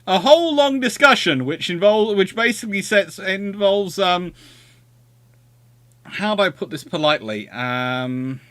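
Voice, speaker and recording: A man hosting an unscripted livestream history talk, ranting in animated bursts with exasperated asides and answering viewers. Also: high-pitched, unhurried, dry recording. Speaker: history show host.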